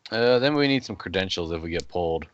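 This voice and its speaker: Guy playing a tabletop game, bright voice bouncing all over, offhand, muffled lo-fi mic. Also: low voice, animated, fast talker, no echo. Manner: laughing, offhand. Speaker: player. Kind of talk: casual chat during a tabletop game. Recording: dull lo-fi recording.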